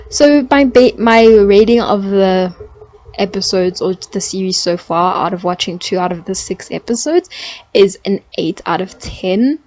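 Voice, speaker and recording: A young adult woman chatting casually in a review vlog, gushing with bursts of excited emphasis. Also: mid-range voice. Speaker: TV series reviewer.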